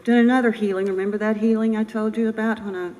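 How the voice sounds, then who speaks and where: An older woman giving a personal memorial speech as a bereaved military mother, earnest, halting and emotional. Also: medium pitch, steady tone, warm tone. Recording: reverberant room with faint noise.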